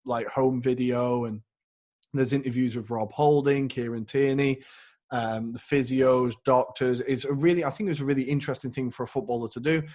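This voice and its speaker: A mid-pitched man chatting on a football podcast. He rambles eagerly about what he has been watching and pokes fun at himself along the way. His voice sits right in the usual middle range. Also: fairly even intonation, moderate pace, darkish tone. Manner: enthusiastic, rambling, self-deprecating. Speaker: podcast co-host. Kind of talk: casual football podcast chat.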